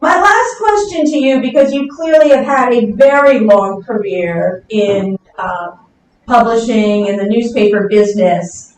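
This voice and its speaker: A woman hosting a livestreamed interview, warm and appreciative toward her guest. She sits far from the mic in a very echoey room, with a faint hiss behind her. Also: mid-range voice. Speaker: host, arts center director.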